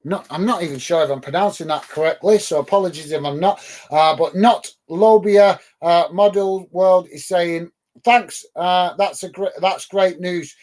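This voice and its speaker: Middle-aged English man, higher-pitched, casual and fired-up football fan host, lots of fillers. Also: normal speed, darkish tone. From England. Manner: chatty, gets worked up and emphatic, many ums and uhs. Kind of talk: live watch-along chat reading viewer comments.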